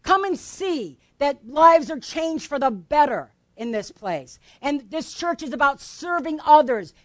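Woman pastor giving a sermon, chatty, keeps asking the crowd stuff, high voice, dry sound. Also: lively intonation, a little slow, dry recording. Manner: conversational, asks the congregation questions, laughs lightly.

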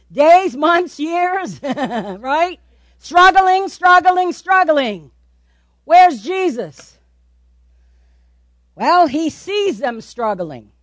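A woman preaching a sermon, animated, repeating words for emphasis and asking the listeners questions. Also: high voice, no room sound.

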